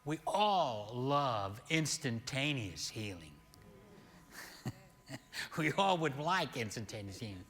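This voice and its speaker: Slow, bright-voiced older male preacher. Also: medium pitch. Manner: slow, animated storytelling with sudden loud peaks. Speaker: pastor. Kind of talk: sermon storytelling. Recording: long hall reverb.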